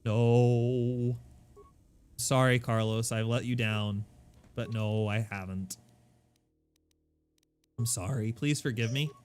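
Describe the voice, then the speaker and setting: A man streaming a game from his apartment, chatting casually into a desk mic, self-deprecating and full of quick asides. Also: medium pitch, steady tone, a little mellow, smooth, faint music behind. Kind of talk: casual live-stream chat. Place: home apartment. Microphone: desk microphone.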